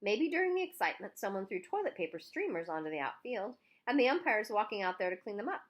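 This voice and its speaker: A woman reading a children's novel aloud in an expressive first-person narration. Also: mid-range voice, fast. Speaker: audiobook reader.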